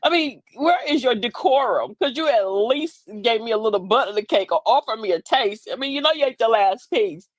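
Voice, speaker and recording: An older woman spins comic stories to her viewers, full of sassy asides and laughter. Her voice sits a little high and swoops all over. The sound is close and dry. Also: fairly quick, hardly any pauses, no room sound. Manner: animated, laughing, sassy Southern-style asides. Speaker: host. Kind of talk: comic storytelling monologue.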